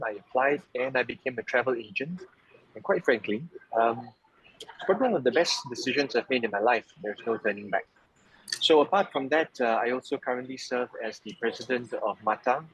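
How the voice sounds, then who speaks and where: A man presenting at an online webinar, relaxed and joking, with plenty of fillers, from Malaysia. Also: medium pitch, a little hiss or hum, low-quality recording. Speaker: webinar speaker, travel association president. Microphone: video call.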